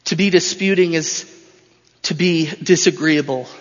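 A man's voice: on the high side, unhurried. A male pastor preaching an expository sermon in a church, emphatic and repeating his phrases for stress. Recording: dull lo-fi sound with long hall reverb.

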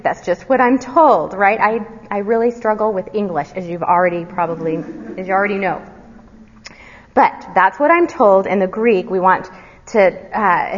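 Earnest woman teaching scripture in a hall. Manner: earnest, quizzes listeners with fill-in questions; drops to a soft, low voice on key words. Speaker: Bible teacher. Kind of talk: verse-by-verse Bible teaching. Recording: dull recording with long hall reverb.

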